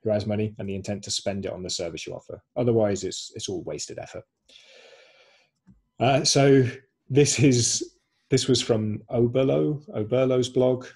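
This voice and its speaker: A man's voice: medium pitch, moderate pace, darkish tone, breathy edge. A man presenting a webinar over a video call, explaining screenshots step by step. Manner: explanatory, walks through screenshots.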